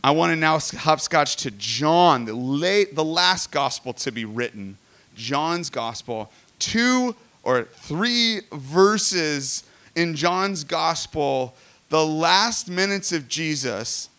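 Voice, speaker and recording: A man in his forties preaching a sermon in a conversational, animated way with jokey asides. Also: on the high side, slow pace. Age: 40s. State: emotional. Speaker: pastor.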